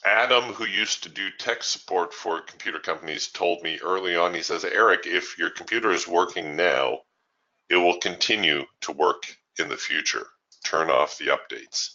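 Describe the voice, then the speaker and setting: Low-voiced man chatting on a webinar. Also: normal speed, bright, forceful tone, dull audio. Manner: chatty, opinionated, laughs easily. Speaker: trading webinar host. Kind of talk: casual live-stream chat answering viewer questions.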